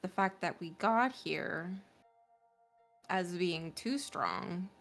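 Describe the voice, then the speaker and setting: A woman's voice: on the low side, lively intonation, takes it slowly, vocal fry, a bit bright, faint music behind. A woman player in a tabletop game, chatting in a giggly, playful way. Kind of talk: casual chat.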